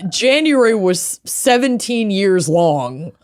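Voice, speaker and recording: A woman's voice: medium pitch, very animated, slow pace, crowd noise. A woman with a Minnesotan accent co-hosting a podcast, loose, slangy and joking in casual chat. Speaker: podcast co-host.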